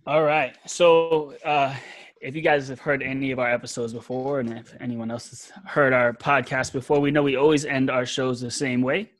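A man's voice: mid-range voice, flat delivery, moderate pace, no echo. A man hosting a podcast, upbeat as he explains a recurring segment to his guests. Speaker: podcast host.

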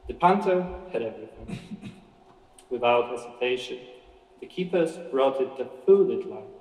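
A man giving a measured, expressive reading of a story aloud, with occasional slips. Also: mid-range voice. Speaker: reader. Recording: echoey hall from far off.

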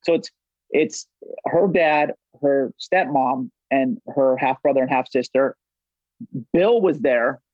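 A man in his forties, guesting on a podcast, tells loose, rambling stories with plenty of "like" and free swearing. His medium-pitched voice is slow, and the audio is dull, dry lo-fi with no echo.

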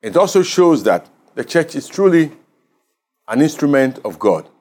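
A man with a Ghanaian English accent preaching a radio sermon as pastor, measured and emphatic, leaning on key words. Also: fairly high pitch, sing-song, darkish tone.

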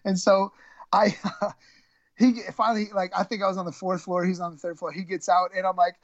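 A man's voice: sits high, little pitch movement, fairly quick, no room sound, dull audio. A middle-aged man, a former college wrestler, telling stories as a guest, rambling and self-mocking, with many fillers and restarts. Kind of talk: casual storytelling interview.

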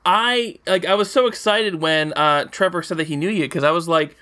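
Excitable high-voiced male host. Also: smooth. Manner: excited, halting fan talk. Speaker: podcast host. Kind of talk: casual interview.

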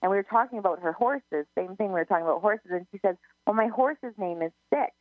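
A woman's voice: mid-range voice, fast talker, no room sound, soft background music. A woman who gives psychic readings, chatting casually as co-host and telling stories with many restarts and quotes of herself. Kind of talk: casual radio chat. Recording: narrow phone-line sound, dry.

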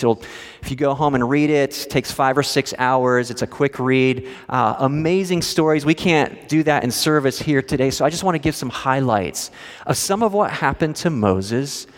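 A pastor delivering a sermon in a conversational way with dry humor. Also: male voice, medium pitch, long reverb tail.

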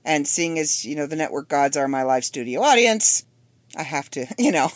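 A woman in her fifties hosts a solo podcast in a low voice at normal speed, with no room sound. Her casual monologue is chatty and rambling, sprinkled with wry asides.

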